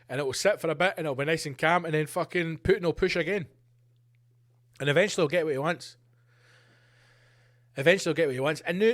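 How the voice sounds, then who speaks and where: A man's voice: on the high side, a bit bright. A middle-aged man hosting a solo podcast, ranting in a sweary, sarcastic way. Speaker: podcast host.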